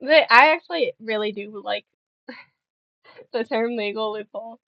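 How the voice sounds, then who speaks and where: A woman's voice: fairly high pitch, measured pace, no room sound, dull audio. A young woman streaming and chatting casually with viewers, playful and giggly, rambling between stories.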